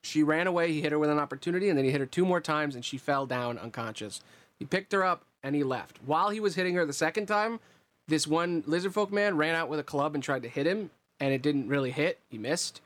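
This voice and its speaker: A man running a tabletop game as game master, describing scenes in a relaxed, rambling way. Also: on the high side, quick pace.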